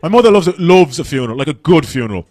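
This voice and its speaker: A man's voice: on the high side, sing-song, darkish tone. A man from Dublin with an Irish accent, doing a blunt, profane stand-up set on a comedy stage. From Dublin, Ireland. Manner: profane, blunt, rapid-fire.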